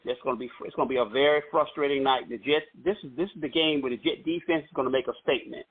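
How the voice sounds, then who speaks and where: A man's voice: medium pitch, fast talker, breathy edge. A man calling in to a sports talk show, confident and friendly, full of slang and laughs. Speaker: caller. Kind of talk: casual sports call-in. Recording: phone-like line.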